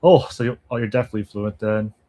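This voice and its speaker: A man's voice: fairly low pitch, quick pace, dark tone. Chatty laughing man streaming. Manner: chatty, laughs often, thinks aloud with trailing asides. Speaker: language-learning streamer. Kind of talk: casual livestream chat with viewers.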